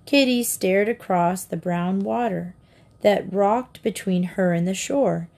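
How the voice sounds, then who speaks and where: A woman narrating a children's storybook in a calm, measured reading. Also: medium pitch, gravelly. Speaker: audiobook narrator.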